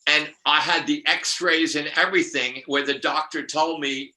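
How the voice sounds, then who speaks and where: A man's voice: on the high side, steady tone, measured pace, sharp tone, low-quality recording. An older man, a numerologist guest, telling rambling spiritual stories with many restarts and laughs.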